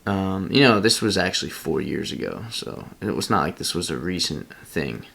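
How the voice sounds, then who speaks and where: A man's voice: deep voice, lively intonation, normal speed, gravelly, a bit bright. A young man from Pennsylvania telling a rambling personal story to camera, laughing at himself along the way. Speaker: vlogger. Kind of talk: casual storytelling.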